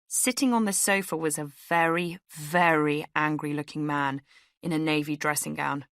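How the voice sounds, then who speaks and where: Low-voiced woman reading her memoir. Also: fairly even intonation, normal speed, a bit bright, clean tone, no echo, studio quality. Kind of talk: audiobook memoir narration. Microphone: studio microphone.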